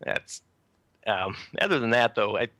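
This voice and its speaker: A man's voice: mid-range voice, animated, a little slow, bright, forceful tone, dry recording. A man from Canada co-hosting a casual wrestling chat over a call, laid-back and hesitant, laughing often. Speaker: podcast co-host. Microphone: remote call.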